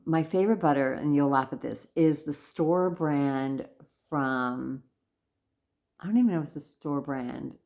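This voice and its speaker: Tired, chatty low-voiced woman vlogger. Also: a little mellow. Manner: chatty, rambling, self-correcting with frequent fillers. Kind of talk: casual diary vlog.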